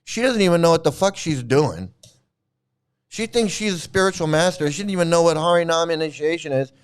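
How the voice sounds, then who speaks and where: A man delivering angry vlog commentary in a fairly high voice, heated and full of profanity. His tone is smooth and clear, and he keeps circling back to the same insults. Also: a little fast. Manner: heated, profane, repetitive ranting. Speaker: channel host.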